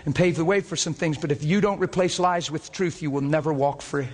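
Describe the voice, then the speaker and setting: A man preaching a sermon, fervent and earnest, often breaking into laughter as he gets excited. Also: a little high, fairly quick, big-room sound.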